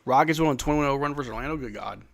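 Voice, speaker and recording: Racing along in a fairly high voice with fairly even intonation, a man hosts a watch-along live stream. Despite sounding drowsy and yawning, he casually calls plays in slang and reads viewers' questions from chat.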